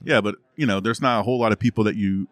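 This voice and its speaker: Laid-back low-voiced man telling stories. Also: rapid-fire, dry recording, studio quality. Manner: laid-back storyteller, says "you know" and "like" often. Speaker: podcast guest, competitive shooting coach. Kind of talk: casual chat.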